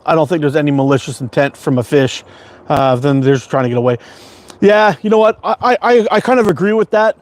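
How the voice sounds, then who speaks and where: A middle-aged man from Canada hosts a casual livestream, talking in a loose, rambling way. He swears freely and laughs often. His voice sits a little higher than most men's. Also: fast talker, a little mellow. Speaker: slingshot livestream host.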